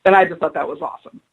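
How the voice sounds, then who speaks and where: Animated woman telling a story. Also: on the low side, background noise. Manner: animated storyteller acting out quoted voices. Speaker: guest, spiritual advisor. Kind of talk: radio interview storytelling.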